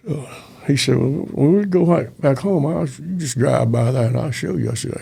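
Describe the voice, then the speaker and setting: Older guy, real gravelly and husky, folksy ex-cop telling stories. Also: medium pitch, normal speed, mellow. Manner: folksy, acts out dialogue in quoted voices. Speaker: retired police officer storyteller. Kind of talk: casual storytelling interview.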